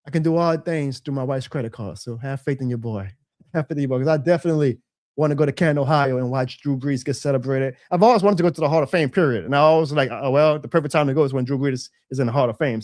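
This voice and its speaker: A young man hosting a casual live fan show, excitable and reading chat comments aloud. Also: a little high, no room sound, studio quality.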